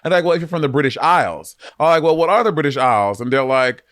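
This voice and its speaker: A man's voice: on the high side, very animated, fairly bright tone, no room sound. Playful storytelling man, dry close sound. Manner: playful, storytelling with quick quoted voices. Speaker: podcast co-host. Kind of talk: casual chat.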